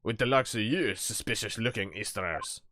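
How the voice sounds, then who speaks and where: A man's voice: fairly low pitch, moderate pace, sharp tone, no room sound, clean studio sound. A man voicing a hostile, burly, mustached prison governor with brusque, threatening, Scots-tinged speech, reading game dialogue on a stream. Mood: dismissive.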